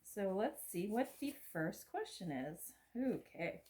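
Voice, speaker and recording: Mellow and sing-song, this middle-aged American vlogger's mid-range voice moves slowly with hardly any pauses. She chats casually and rambles a little while unboxing gifts on her home vlog.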